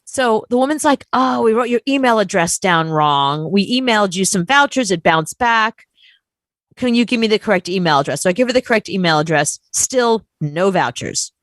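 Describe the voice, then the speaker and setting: Animated woman telling an exasperated story. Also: medium pitch, moderate pace, dry recording. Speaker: podcast co-host. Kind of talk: casual chat, storytelling.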